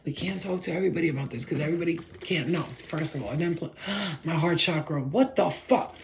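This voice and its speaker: A woman giving a live spiritual tarot reading in a rambling, excited way. She swears casually and acts out her stories. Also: sits low, fast talker, creaky, lo-fi sound, slight background noise.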